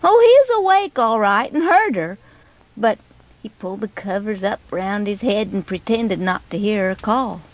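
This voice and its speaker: A woman narrating a scripted children's story in an expressive, animated way. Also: mid-range voice, normal speed, rough recording.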